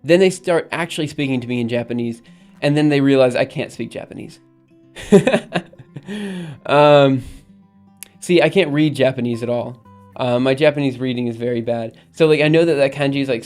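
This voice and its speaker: A man's voice: mid-range voice, normal speed, a little mellow, clean tone. A man hosting a casual coding livestream, talking to chat in an upbeat, rambling way with many fillers, with faint music behind him. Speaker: livestream host.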